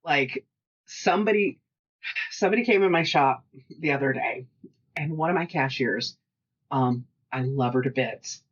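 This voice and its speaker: A middle-aged woman co-hosting a casual chat, telling animated stories, acting out what people said, and laughing often. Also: extremely low pitch, moderate pace, long pauses, highs cut off. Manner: animated storyteller who acts out quotes and laughs often. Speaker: podcast co-host and shop owner.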